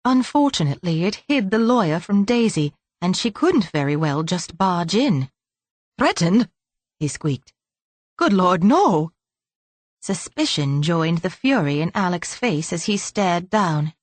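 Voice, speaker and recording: A woman's voice: lowish voice, expressive, normal speed, hardly any pauses, dry recording. Woman reading an audiobook, dry and close. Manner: light, lilting reading. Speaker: audiobook narrator. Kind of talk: scripted narration.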